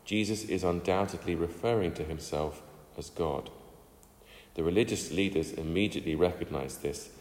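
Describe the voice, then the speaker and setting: A man giving a Bible reading and devotional reflection, measured and earnest. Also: deep voice, darkish tone. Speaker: preacher. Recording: echoey room with long reverb.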